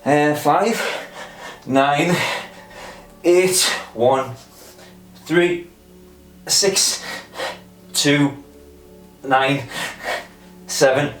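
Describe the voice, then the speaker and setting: During a memory and pull-up challenge, a vlogger with a fairly high voice talks to himself extremely slowly, pausing often and gasping for breath. He chuckles and teases himself, and the echoey room carries faint music.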